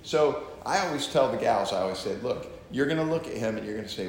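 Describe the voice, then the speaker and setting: A man's voice: medium pitch, expressive, quick pace, slight background noise. A man, a pastor, teaching from the Bible in a conversational way with joking asides to his listeners. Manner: chatty, joking asides to the audience. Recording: very echoey room.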